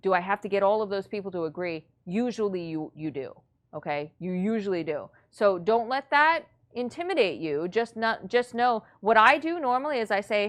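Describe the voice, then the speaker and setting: A woman's voice: mid-range voice, animated, normal speed. A woman teaching real estate investors in a blunt, matter-of-fact, motivational way. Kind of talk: coaching lesson.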